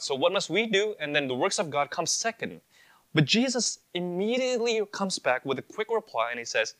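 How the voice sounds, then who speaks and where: A man's voice: high voice, very animated, normal speed, a bit bright, no echo. A man preaching an expository sermon, emphatic, often repeating phrases and asking rhetorical questions.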